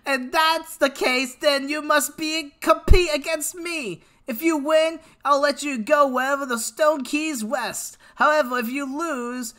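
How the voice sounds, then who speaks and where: A woman's voice: sits high, measured pace, hardly any pauses, a bit bright, voice pushed up. A streamer voicing a brash young male boss who challenges contestants, in a hammy put-on voice during a live stream. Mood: boastful. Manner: hammy, breaks into laughter.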